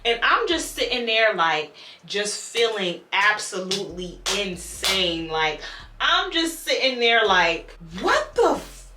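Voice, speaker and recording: A young woman telling a storytime on her vlog, animated and blunt, swearing freely. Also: medium pitch, takes it slowly, roomy sound, background noise.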